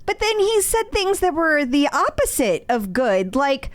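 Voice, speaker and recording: A woman co-hosting a podcast in casual chat, animated, laughing often and acting out what others said. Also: sits high, a little slow, no room sound. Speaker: podcast co-host.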